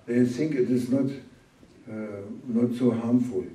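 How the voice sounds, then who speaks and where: A man giving an informal sermon as a sheikh, speaking in a plain, halting way and repeating words for emphasis. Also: mid-range voice, dark tone. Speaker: sheikh teaching a religious talk. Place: gathering room at a summer camp. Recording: roomy room, distant mic.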